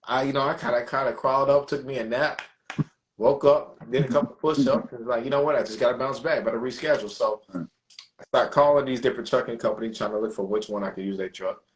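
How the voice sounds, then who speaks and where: A man telling a story on a podcast in a casual, animated way, swearing freely and acting out the people he quotes. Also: mid-range voice, a little fast, slight background noise. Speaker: podcast co-host.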